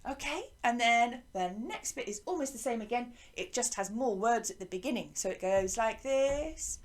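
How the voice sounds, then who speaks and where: A woman's voice: a little high, lively intonation, moderate pace. A woman teaching a singing lesson to schoolchildren, explaining each step patiently and encouragingly.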